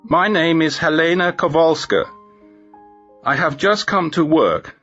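A man voicing a nervous foreign woman cleaner who speaks careful, halting English. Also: sits low, lively intonation, fairly bright tone, voice pushed up, heavily acted. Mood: urgent. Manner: halting, urgent, formal phrasing. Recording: dull lo-fi with faint music.

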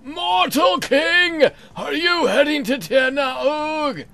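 A man voicing a hoarse, slow-speaking male Unseelie spirit in a long cloak, reading game text with theatrical proclamations. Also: extremely high pitch, pushed and bright, pitched above the performer's own voice, full character voice. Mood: menacing.

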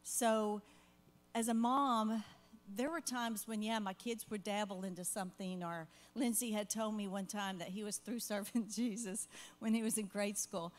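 An older woman speaks in an earnest, heartfelt way, giving parenting advice in a church Q&A. She rambles a little, drifting into asides before finding her point again. Her voice sits at an ordinary middle pitch for a woman. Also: fairly even intonation, moderate pace. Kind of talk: church Q&A conversation.

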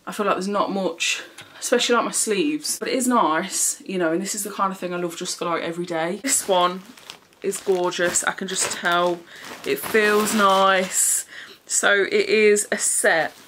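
A chatty woman giving a casual try-on haul, mid-pitched and plain-spoken. She talks frankly and swears freely, often asking if you know what she means. Now and then she sounds a little out of breath. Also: fairly even intonation, normal speed, a bit bright, slight background noise. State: slightly out of breath. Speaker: fashion vlogger.

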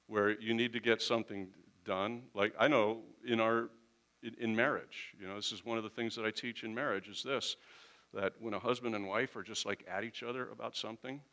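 A man's voice: lowish voice, bright, forceful tone. A man preaching a sermon as pastor, talking in a conversational way and briefly acting out little quoted exchanges with the congregation.

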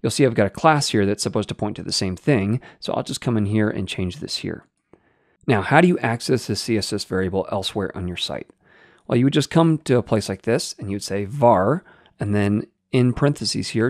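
Man calmly walking through code. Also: on the low side, no echo, studio quality. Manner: steady step-by-step explaining. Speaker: web development tutor. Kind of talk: screen-recorded coding tutorial.

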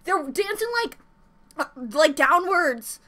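High, lively young woman gushing excitedly. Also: takes it slowly, noisy background. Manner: gushing, exclamatory, thinks aloud with many "like"s. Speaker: music video reactor. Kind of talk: excited fan reaction commentary. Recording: faint music behind the voice.

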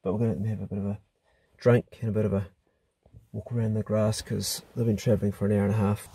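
Fast-talking and level in tone, this man has a lowish, mellow voice with a breathy edge. He's a New Zealand vlogger in his forties, chatting casually on a road trip and talking affectionately to his dogs, captured handheld inside a truck and at the roadside.

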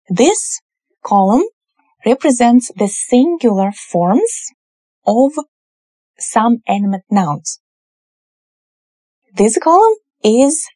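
A woman teaching a language lesson, explaining each word form slowly and patiently. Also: on the high side, mellow, breathy edge, dry recording.

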